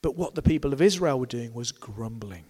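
A man's voice: medium pitch, animated, a little fast, warm tone, in a large hall. A man preaching a sermon, earnest, asking rhetorical questions and acting out the complaints of a crowd in raised tones.

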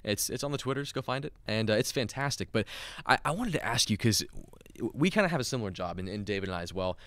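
A man's voice: on the low side, lively intonation, quick pace, a bit bright, no echo. A man co-hosting a live stream, chatting eagerly with his guest and reading viewer questions. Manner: enthusiastic, chatty. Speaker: co-host. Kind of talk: casual live-stream chat.

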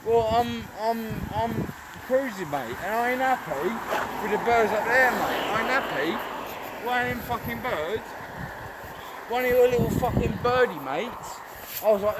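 A young man with a high voice rants on the phone, repeating his grievances and swearing with every breath. He is outdoors, and loud street noise runs under his voice throughout the recording. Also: expressive, moderate pace. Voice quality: sweary, ranting and repetitive. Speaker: passer-by on the phone. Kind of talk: heated phone call in the street.

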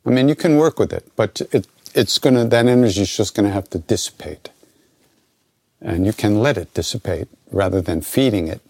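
An older American man with a gravelly voice, answering questions as a spiritual teacher in a relaxed, conversational way that often trails off and restarts. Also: lowish voice, a little fast, dry recording. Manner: relaxed, conversational, self-interrupting. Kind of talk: informal spoken Q&A teaching.

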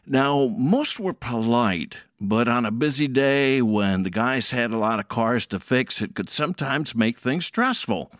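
A man's voice: on the low side, a bit bright, no room sound. A man telling a story in a folksy, conversational way, close to the mic.

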